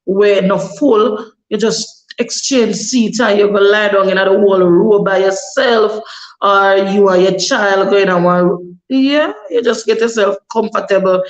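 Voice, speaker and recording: A woman's voice: mid-range voice, unhurried. Chatty Jamaican woman in echoey room. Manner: chatty, advising, slips into patois. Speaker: vlogger. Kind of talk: casual advice vlog.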